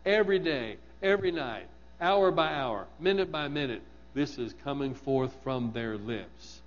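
A man's voice: medium pitch, lively intonation, measured pace, in a large hall, highs cut off. A man preaching a sermon, asking his congregation questions and repeating words for emphasis.

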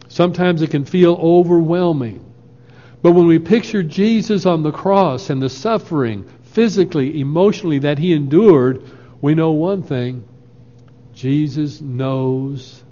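Male preacher, measured sermon delivery, reverberant hall. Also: on the high side, warm tone, dull audio. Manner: slow, earnest preaching with scripture quotes.

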